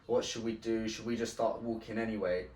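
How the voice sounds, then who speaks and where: A man telling a story in casual podcast chat, halting and swearing, with many restarts. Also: on the low side, fairly even intonation, darkish tone, a little hiss or hum. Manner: halting and profane, with frequent restarts. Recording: roomy sound from a distant mic.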